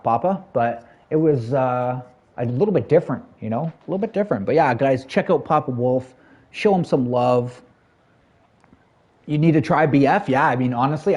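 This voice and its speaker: The audio is dull, and the man's voice is a little high and warm. A talkative streamer from Canada, he chats in Canadian English while gaming live, addressing viewers and chat by name in a friendly, filler-packed way.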